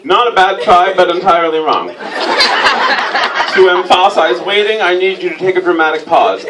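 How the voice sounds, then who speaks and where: A man hosting a comic stage reading, teasing his volunteers in a dry, mock-pompous deadpan. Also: high voice, normal speed. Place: stage before a live audience. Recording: distant mic, loud crowd laughter and noise.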